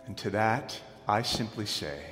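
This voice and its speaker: A man's voice: fairly low pitch, lively intonation, measured pace, faint music behind. Man preaching in a reverberant church. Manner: dramatic storytelling, building to loud proclamations. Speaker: pastor. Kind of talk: sermon. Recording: echoey hall.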